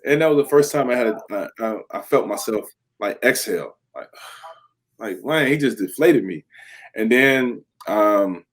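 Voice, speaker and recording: A man's voice: medium pitch, moderate pace. A man in his thirties, an interview guest and former pro football player, telling his story candidly and acting out the voices in it. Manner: animated storyteller who acts out quoted voices and laughs.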